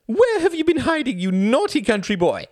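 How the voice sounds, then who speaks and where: A man voicing a loud, flirtatious, tipsy woman at a party, in a shrill falsetto with teasing, brash delivery. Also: sing-song, moderate pace, no room sound, clean studio sound.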